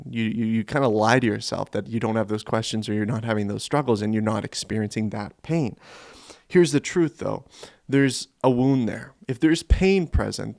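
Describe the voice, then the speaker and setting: A man's voice: mid-range voice, no room sound, clean studio sound. A man hosting a Christian men's ministry show, talking earnestly and directly to the viewer about faith and doubt. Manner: earnest, direct, addresses listener as friend. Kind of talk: earnest faith talk to camera.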